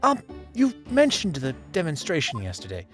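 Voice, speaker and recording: A man's voice: a little high, huge pitch swings, moderate pace, a bit bright, soft background music. A man reading aloud as an earnest, slightly unsure young male lawyer questioning a suspect. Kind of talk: reading game dialogue aloud.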